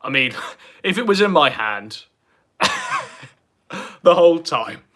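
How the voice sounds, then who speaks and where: Brief: breathless male streamer, crude mocking commentary, animated voice. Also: fairly high pitch, slow pace. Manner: loud, crude, mocking, swears often. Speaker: streamer watching and mocking a video. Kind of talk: casual profane commentary.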